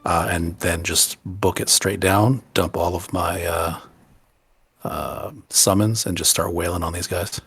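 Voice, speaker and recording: A man playing a tabletop board game, laying out his plan steadily with many pauses. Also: deep voice, fairly even intonation, fairly bright tone, husky, soft background music. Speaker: player.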